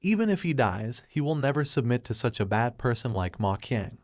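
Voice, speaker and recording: Guy reading a comic recap, steady and even, dry no-room sound. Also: medium pitch, moderate pace, dry recording. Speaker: recap narrator. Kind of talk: scripted narration.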